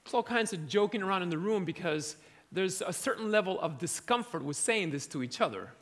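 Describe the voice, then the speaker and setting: Delivering a sermon full of humorous stories, this man speaks fairly quickly and expressively, his high voice carrying a fairly bright tone. The congregation laughs along with him.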